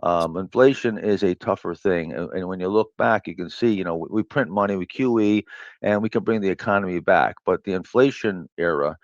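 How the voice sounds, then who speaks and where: A man being interviewed as a trader, thinking aloud in a measured way with fillers and restarts. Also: low voice, no echo. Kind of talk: reflective interview talk. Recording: dull lo-fi clip played back.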